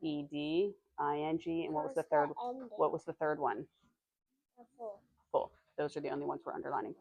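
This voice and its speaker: A woman teacher leads a reading lesson in her classroom, reading aloud at a slow, deliberate pace and pausing to question her students. Her voice sits fairly low and sounds close and dry, with little room sound. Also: fairly even intonation, vocal fry, a little mellow, no room sound, dull audio. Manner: reads aloud slowly, quizzes students.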